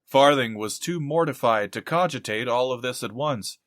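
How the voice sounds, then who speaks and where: Brief: male audiobook narrator, mid pitch, measured, dry close recording. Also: a bit bright, dry recording.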